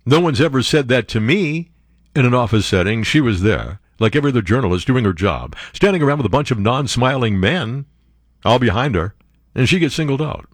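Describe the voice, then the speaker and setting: A man reading news items and cutting in with sarcastic remarks, his voice swinging widely and jumping up high when he exclaims. The sound is dry and close, with little room around it. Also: brisk, dry recording. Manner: animated, sarcastic asides, jumps to high exclamations. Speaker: show host reading and commenting on news. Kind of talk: casual political commentary.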